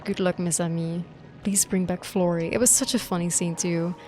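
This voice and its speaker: A young woman streamer reacting live to a game, excitable and gushing, swearing freely. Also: lowish voice, moderate pace. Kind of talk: live gameplay reaction commentary. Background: faint game music.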